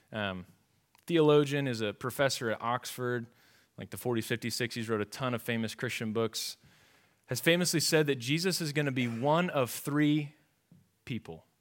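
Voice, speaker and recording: A man's voice: medium pitch, a bit bright. A man preaching a sermon in a conversational, emphatic way, with repetition and rhetorical questions. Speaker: pastor.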